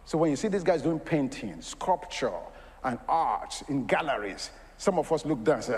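Animated high-voiced preacher in a reverberant hall. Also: male voice, normal speed. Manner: animated, laughing asides, rhetorical questions to the congregation. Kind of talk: sermon.

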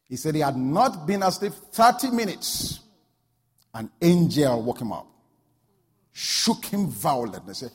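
A man preaching a sermon, telling a story and building to loud, fervent peaks. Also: fairly high pitch, very animated, measured pace, slightly rough. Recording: long hall reverb.

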